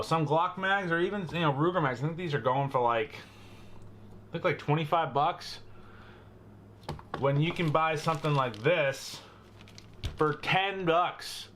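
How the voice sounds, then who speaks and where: A young man with a Boston accent talks viewers through a hands-on repair in a loose, joking way, tossing in "guys" and "bro". His voice sits a little high for a man. Faint noise hums behind him. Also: a bit bright. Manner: chatty, jokey, addresses viewers as guys and bro. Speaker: gun channel host. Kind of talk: casual how-to demonstration.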